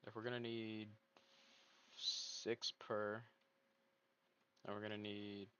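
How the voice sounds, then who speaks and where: A man's voice: on the low side, completely flat delivery, slow pace, pauses often, sharp tone, smooth. A man thinking aloud as he hosts casual gameplay commentary, rambling and poking fun at himself. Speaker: gaming video host. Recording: dull lo-fi mic with faint noise.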